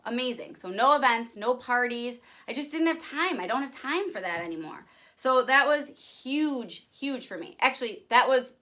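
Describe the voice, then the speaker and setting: A young woman speaks straight into her phone camera with breathless enthusiasm, her voice sitting a little high and sounding bright and tense. She gushes to her viewers, leaning on "you guys" and "like" as she pitches her business. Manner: gushing, excitable, says "you guys" and "like" a lot. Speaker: direct sales promoter. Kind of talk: upbeat direct-to-camera vlog pitch.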